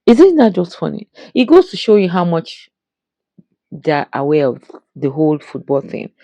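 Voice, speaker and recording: A woman's voice: deep voice, big pitch swings, normal speed, mellow, dry recording. A woman hosting a reaction channel, musing aloud in casual commentary with lots of "you know" fillers. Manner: chatty, musing, many fillers.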